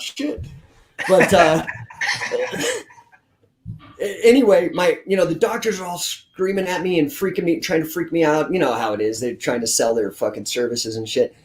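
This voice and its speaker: Fairly high in pitch and moderate in pace, a guest grappling coach in his forties recounts stories bluntly and with lots of swearing. He's animated in this casual interview, which carries a roomy echo.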